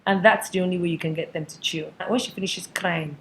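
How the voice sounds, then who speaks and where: A woman's voice: fairly low pitch, fairly even intonation, fast talker, slight background noise. A young woman delivers a comic advice monologue to camera. She talks in a sassy, conspiratorial way, leaning into every punchline. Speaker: vlogger.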